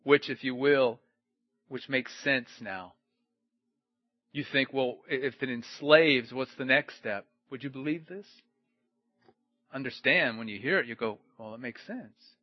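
A man preaching a sermon, shifting from loud outbursts to hushed, low-spoken warnings. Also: unhurried, long pauses, dry recording, lo-fi sound. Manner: dramatic swings from loud to hushed. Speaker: pastor.

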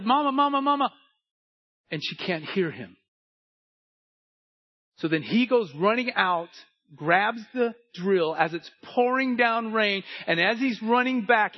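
A man preaching a sermon, telling a story and moving between hushed and emphatic delivery. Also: high-pitched, lo-fi sound.

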